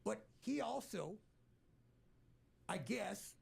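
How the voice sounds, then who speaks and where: Casting: male podcast host, high and very gravelly, husky, teasing and rambling. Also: lively intonation, drawn-out words. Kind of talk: casual chat.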